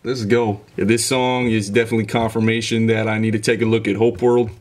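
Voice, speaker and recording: Flat-voiced man breaking down a rap. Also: fairly low pitch, brisk. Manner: enthusiastic, analytical about rap flow. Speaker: reaction video host. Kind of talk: casual music reaction commentary.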